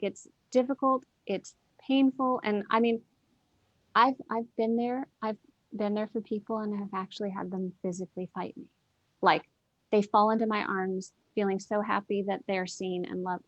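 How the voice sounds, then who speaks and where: A woman speaks as a guest in a heartfelt spiritual conversation, earnest and gently insistent, circling back to repeat her phrases for weight. Her voice sits at an ordinary middle pitch, recorded dry and close with no room sound. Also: no room sound, dull audio. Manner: earnest, repeats phrases for emphasis, many "you know"s.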